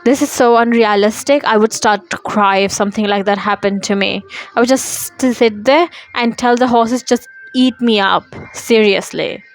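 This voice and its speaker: A woman's voice: fairly high pitch, moderate pace, soft background music. A woman reading a novel aloud and breaking off for casual, opinionated asides to her listeners. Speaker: book reader.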